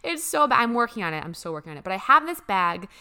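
Young woman, bright-toned, gushing spiritual vlogger talking straight to her viewers, emphatic, loose and swearing. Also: mid-range voice, big pitch swings, fast, smooth. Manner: gushing, emphatic, swears casually, laughs often. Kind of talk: casual spiritual storytelling.

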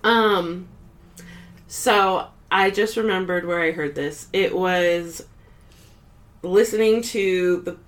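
A woman's voice: on the low side, takes it slowly, long pauses. A woman co-hosting a podcast in casual chat, rambling and laughing often, with the odd curse. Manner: giggly, rambling, swears casually. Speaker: podcast co-host.

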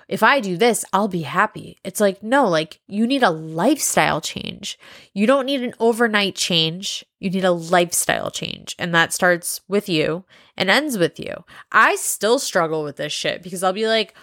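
A woman hosting a casual solo podcast, talking bluntly with lots of swearing and rambling asides while high. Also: fairly bright tone, no room sound, clean studio sound. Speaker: podcast host.

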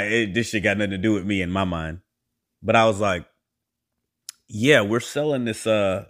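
Male podcast host, low register, casual storyteller who acts out the quotes. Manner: animated, acts out quoted voices with big pitch jumps.

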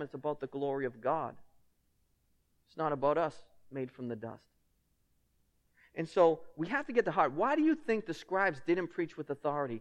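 A man delivers a sermon as pastor, his voice sitting a little higher than most men's. He talks to the congregation in a casual, personal way. He keeps pressing his points with emphatic rhetorical questions.

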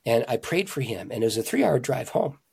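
A husky-voiced man speaking at a middle pitch, a pastor telling stories as a guest in a conversation. He talks with lively emphasis, rising and getting louder at the key points, then dropping low and quiet. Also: brisk. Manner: animated, emphatic, jumps between loud and hushed. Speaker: pastor and author, interview guest. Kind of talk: conversational storytelling.

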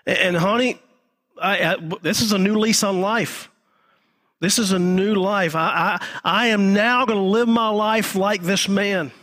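Guy putting on a giddy freed debtor, voice pushed up high, gushing to his wife about his new life. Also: unhurried. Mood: overjoyed. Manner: gushing, excited. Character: grown man overjoyed after being freed from debt.

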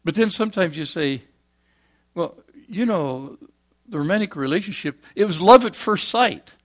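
Guy preaching a sermon, kinda high voice, gets loud then drops way down quiet, folksy jokes. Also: lively intonation, moderate pace. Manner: swings from loud emphatic peaks to quiet low asides, homely jokes.

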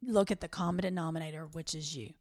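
Woman, Southern American accent, podcast co-host, chatty and animated, dry close sound. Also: low-pitched, fast, no room sound. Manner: animated, chatty, with playful quoted voices. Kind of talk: candid podcast chat.

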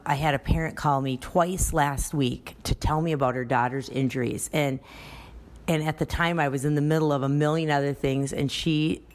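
Low-voiced woman chatting on a podcast. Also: vocal fry, darkish tone. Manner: chatty, anecdotal, restarts often. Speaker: dance studio owner and podcast host. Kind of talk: casual podcast talk.

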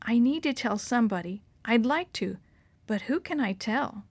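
A woman reading a storybook aloud, voicing an upset young girl who is tearful and angry, in a high, loud, emotional delivery. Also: lively intonation, moderate pace, husky, dry recording. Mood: sobbing, defensive.

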